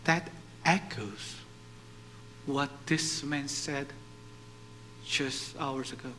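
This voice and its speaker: A male pastor preaching a sermon, animated and putting questions to his congregation. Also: medium pitch, very slow, slight background noise, poor audio.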